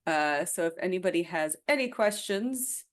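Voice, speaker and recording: Chatty woman author, slightly low voice. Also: lively intonation, moderate pace. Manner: chatty, many "uh" fillers, teacherly asides. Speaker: guest author. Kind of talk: casual livestream chat.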